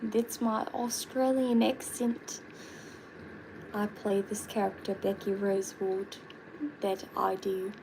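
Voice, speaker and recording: A woman's voice: mid-range voice, flat delivery, slow, gravelly, background noise. A woman chatting casually on a live stream while painting her nails, giggly and full of fillers. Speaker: livestreaming vlogger.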